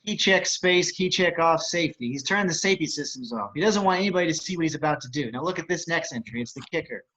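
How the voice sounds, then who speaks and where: A man voicing a control room engineer at an amateur table read, explaining technical details quickly. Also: fairly high pitch, expressive, fairly bright tone, muffled recording. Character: male engineer at a control room computer, brisk. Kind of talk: table read over video call.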